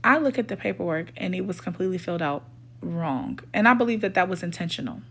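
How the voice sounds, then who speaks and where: With a lowish, gravelly, fairly bright voice, this woman recounts a personal storytime at a quick pace, expressive throughout. As a storytime vlogger, she retells events casually with indignant emphasis, performing each person's lines.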